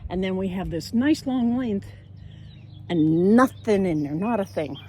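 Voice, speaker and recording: A woman's voice: mid-range voice, expressive, measured pace, darkish tone, slight background noise. An older woman chatting in a homespun way as she walks outdoors through a backyard, filming on a handheld phone. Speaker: home and garden vlogger. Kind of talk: casual walk-through vlog.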